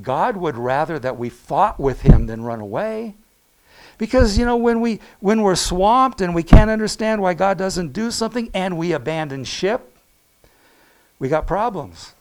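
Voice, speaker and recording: A man preaching a sermon in a slow, deliberate delivery. His voice sits a little high for a man, and he swings from loud calls down to near hushes while speaking straight to the congregation. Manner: animated preaching with big swings in loudness, dropping to a hush; addresses congregation directly with asides and quick laughs. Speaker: pastor.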